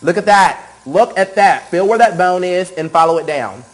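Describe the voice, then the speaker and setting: A man's voice: sits high, lively intonation, moderate pace, poor audio. Enthusiastic man teaching makeup. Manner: enthusiastic, repeats cues and says okay often. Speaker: makeup artist demonstrating airbrush. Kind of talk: live tutorial demonstration.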